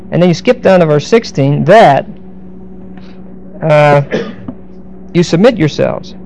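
A man's voice: fairly high pitch, expressive, slow pace, pauses often, darkish tone, slight background noise, rough recording. A middle-aged man preaching a verse-by-verse sermon, explaining Greek grammar with asides and dry humor. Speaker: pastor.

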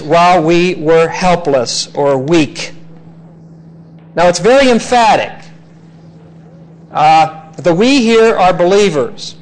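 A man teaching a Bible passage verse by verse, measured and emphatic, explaining Greek grammar. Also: high voice, poor audio. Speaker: preacher.

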